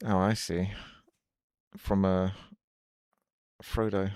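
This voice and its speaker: A man's voice: sits low, little pitch movement, drawn-out words, darkish tone, no echo, clean studio sound. A man giving casual, chatty commentary on a live game stream, musing aloud and often saying "like".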